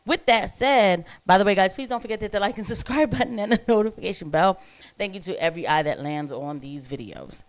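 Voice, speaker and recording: A woman's voice: medium pitch, fast talker. A woman giving casual reaction commentary on a podcast clip, chatty with sarcastic asides.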